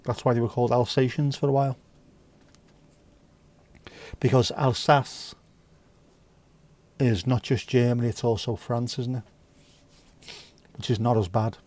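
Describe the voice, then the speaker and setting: A man's voice: medium pitch, level tone, unhurried, long pauses, darkish tone. Chatty British man hosting a livestream. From United Kingdom. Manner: chatty, jokey, reads viewer comments aloud. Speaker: livestream host. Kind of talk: casual livestream chat.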